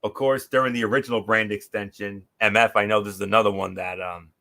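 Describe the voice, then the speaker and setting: A man's voice: on the low side, fairly even intonation, fast talker, vocal fry, pushed and bright. A man hosting a casual wrestling talk show, rambling through memories with many fillers and restarts. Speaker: podcast host.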